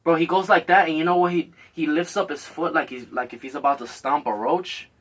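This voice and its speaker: A man with a slightly high, husky voice tells a heated story in casual podcast chat. He swears freely and acts out both sides of a quarrel. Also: steady tone, fairly quick, fairly bright tone. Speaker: podcast host.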